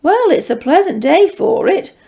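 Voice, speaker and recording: A woman voicing a tall male faerie who teases in an amused, unhurried way. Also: extremely high pitch, sing-song, dark tone, voice pushed up, heavily acted. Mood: teasing. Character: tall smirking male faerie, teasing and mischievous.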